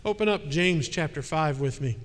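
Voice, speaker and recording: A male pastor with a high voice delivers a relaxed, conversational sermon. His words carry a long reverb, as if he is in a large sanctuary. He often turns to the congregation with questions. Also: moderate pace.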